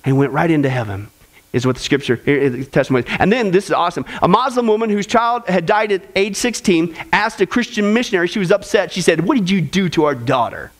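A male pastor preaching a sermon in a strikingly high voice. He is emphatic and earnest and leans hard on key phrases to press his point home. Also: quick pace. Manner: emphatic, rising to a high pitch on quotes.

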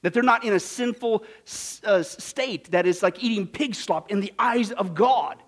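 Animated high-voiced preacher man. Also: normal speed. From Kansas, United States. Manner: animated, jokey, swings from loud to hushed. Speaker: pastor teaching a Bible study. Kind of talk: sermon.

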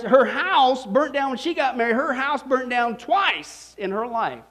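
High-voiced folksy man preaching. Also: a little slow, few pauses. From Kansas, United States. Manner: animated, folksy, keeps checking in with the audience ("okay?", "right?"); laughs at his own stories. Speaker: preacher teaching a Bible study. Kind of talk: storytelling sermon to a live audience.

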